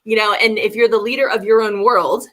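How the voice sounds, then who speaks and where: A woman's voice: mid-range voice, steady tone, a little fast, bright, forceful tone. A woman co-hosting a candid leadership talk, speaking reflectively, often laughing and restarting her thoughts. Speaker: leadership coach and co-host. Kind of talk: candid casual conversation.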